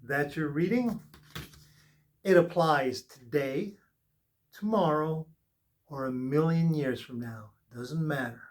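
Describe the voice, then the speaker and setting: A man's voice: a little high, slow, long pauses. A man giving a spiritual tarot reading in an earnest way, repeating short reassuring phrases. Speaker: tarot reader.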